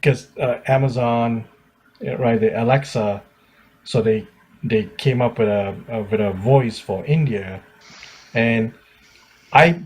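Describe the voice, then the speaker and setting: A man co-hosting a podcast, talking in a relaxed, hesitant way with many fillers. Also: medium pitch, husky. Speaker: podcast co-host. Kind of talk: casual chat.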